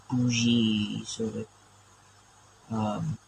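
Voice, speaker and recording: A man talks through a drawing session in an unhurried, drawn-out way, trailing off and restarting his thoughts. He stammers and laughs often as he chats, and his pitch sits in an ordinary middle range. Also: noisy background. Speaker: artist drawing on camera. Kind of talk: casual chat while drawing.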